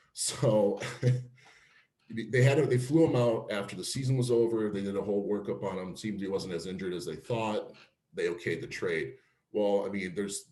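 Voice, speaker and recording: A former pro pitcher from Cleveland telling career stories in a casual interview, laughing often and acting out quotes. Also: male voice, roomy sound. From Cleveland, Ohio. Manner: animated storyteller, laughs often, acts out quotes.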